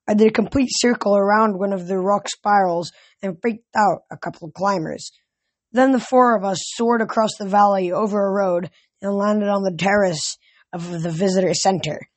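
A man's voice: high voice, normal speed, dry recording. Male reader narrating a fan audiobook. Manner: steady with occasional slips and restarts.

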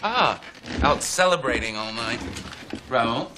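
An actor playing a grave older father who speaks in a measured way. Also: mid-range voice, expressive, noisy background.

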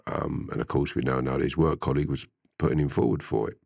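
A middle-aged man, telling a story in an interview, animated, often laughing and swearing. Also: a bass voice, quick pace, creaky, slightly rough, no room sound, studio quality. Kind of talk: casual storytelling.

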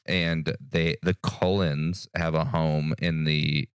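A man with a very deep, smooth voice chats casually as a podcast co-host. He tells stories with lively jumps in excitement. The sound is dry and close. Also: takes it slowly, no room sound. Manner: animated storyteller, jumps into high excited bursts. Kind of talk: casual chat.

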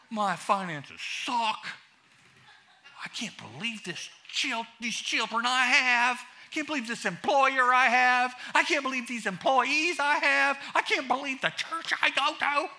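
Man putting on a shrill whining grown man, full of self-pity, loud and sing-song. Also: full character voice. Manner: whining, wailing complaints. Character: whiny self-pitying grown man playing the victim.

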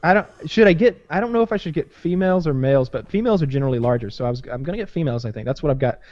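A man's voice: on the high side, expressive, racing, a little mellow, no echo, dull audio. A man hosting a podcast in casual, profane banter, rambling with lots of fillers and restarts. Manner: rambling, swears often, many fillers and restarts.

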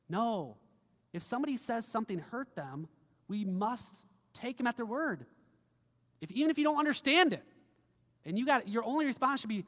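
A man with a notably high voice preaches to his congregation in a loose, conversational way and leans hard on key phrases. The sound carries a long reverb, like a church hall. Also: normal speed. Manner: casual, conversational preaching with animated emphasis. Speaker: pastor. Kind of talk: sermon.

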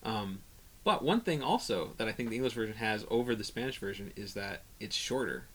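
A man in casual conversation about old films, talking haltingly with many restarts and bursts of animation. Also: lowish voice, lively intonation. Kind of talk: casual film discussion.

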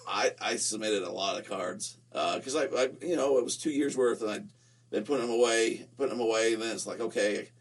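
Low-voiced teasing man from Utah. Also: fairly quick. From Utah, USA. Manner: playful, teasing, lively storyteller. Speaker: podcast co-host. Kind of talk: casual chat.

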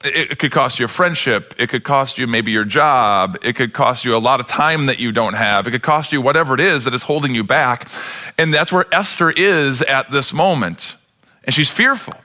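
A man's voice: medium pitch, normal speed, pushed and bright. A man pastor preaching a sermon with impassioned delivery, sometimes acting out the characters in the story.

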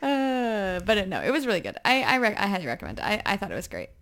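A young woman co-hosts a podcast in casual chat, tired and chatty, with plenty of fillers and giggles. Her voice sits at an ordinary middle pitch for a woman. The delivery is loose and friendly. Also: wildly swooping pitch, fast talker, fairly bright tone. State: overtired. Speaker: podcast co-host.

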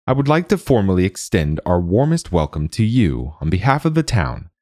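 A man's voice: big pitch swings, normal speed, darkish tone, dry recording, studio quality. A man doing a pompous anxious town mayor. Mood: formal. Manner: formal and pompous, raised pitch.

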